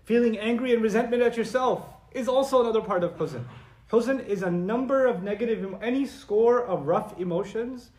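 A male preacher with a fairly high voice delivers a sermon, lively and conversational, slipping into Arabic recitation. His voice rings out in an echoey room. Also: moderate pace. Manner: animated and conversational, acting out quoted voices; recites Arabic verses and sources. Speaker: Islamic preacher. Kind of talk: lecture-style sermon.

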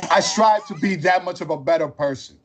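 A man's voice: on the high side, brisk, a little hiss or hum. A man hosting a podcast, talking bluntly and confrontationally with streetwise slang. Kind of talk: heated podcast conversation.

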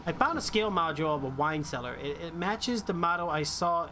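A man streaming a horror game live, reacting excitably and reading on-screen text aloud. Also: on the high side, fairly quick, background noise. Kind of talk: live horror gameplay commentary. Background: game music.

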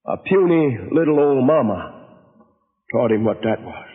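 Tinny, echoing pastor preaching. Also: male voice, medium pitch, big pitch swings, measured pace. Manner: dramatic, dynamic delivery. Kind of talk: storytelling sermon. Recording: tinny lo-fi audio, long hall reverb.

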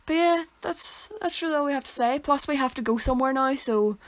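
A woman's voice: high-pitched, fast. A young woman with a Northern Irish accent, co-hosting a casual podcast and telling rambling stories that she keeps correcting as she goes. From Northern Ireland. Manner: rambling, self-correcting storyteller. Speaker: podcast co-host. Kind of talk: casual chat.

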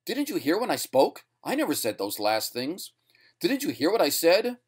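A man's voice: fairly high pitch, huge pitch swings, moderate pace, breathy edge, pitched above the performer's own voice, full character voice. A man voicing a frightened male ventriloquist who pleads in a strained voice that climbs toward screams. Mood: panicked.

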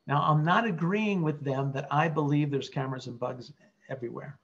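A middle-aged man, a clinical psychologist, teaching a workshop in an earnest way and modelling calm, empathic replies. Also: a little high, fairly quick, dull audio. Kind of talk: teaching workshop with role-play examples.

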